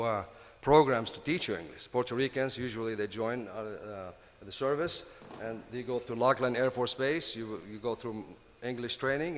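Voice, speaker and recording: A man in his fifties from Lebanon with a heavy Lebanese Arabic accent. He speaks on a panel in halting bursts with many restarts. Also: on the low side, a bit bright. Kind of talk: panel talk. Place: convention hall. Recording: reverberant conference hall.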